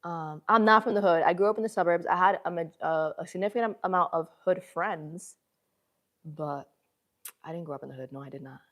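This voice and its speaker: Woman w a northern city accent streaming from the gym, slangy chatty talk, kinda low voice. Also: brisk, lo-fi sound. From northern United States. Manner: chatty, slangy, talks straight to viewers. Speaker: livestream host. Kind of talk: casual livestream chat. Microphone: phone camera.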